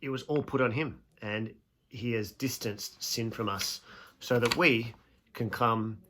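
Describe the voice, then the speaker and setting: A young man with a bright, forceful voice teaches a video lesson in a relaxed, chatty way. He leans hard on key phrases and draws them out slowly, then pokes fun at himself. His pitch sits in the middle range for a man. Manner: casual, self-deprecating, emphatic with stretched slow phrases.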